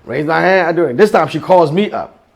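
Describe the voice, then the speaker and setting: High-pitched guy from ghana, fired up, telling his story in an interview and doing voices for the people in it. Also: lively intonation, fairly quick, creaky, breathy edge. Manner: passionate and emphatic, acts out quoted voices. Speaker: guest, fashion entrepreneur.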